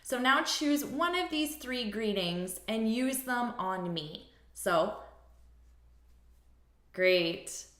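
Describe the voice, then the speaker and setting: A woman English teacher explaining pronunciation, modelling phrases slowly and asking learners to repeat them. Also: a little high, lively intonation, a bit bright, echoey room. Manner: slow, deliberate, modelling phrases for repetition.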